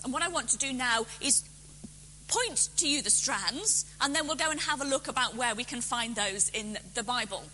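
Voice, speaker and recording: A woman's voice: high voice, bright, forceful tone. A woman giving a public lecture as a theologian, talking in a conversational way and correcting herself as she goes. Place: lecture hall. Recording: echoey lecture hall, faint hum.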